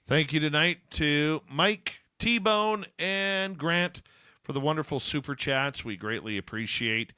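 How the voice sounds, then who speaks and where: Male radio host, bright close dry sound, chatty and informal, upbeat promo reads. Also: on the high side, lively intonation, slow, clean tone, no room sound. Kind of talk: casual radio chat and show promos.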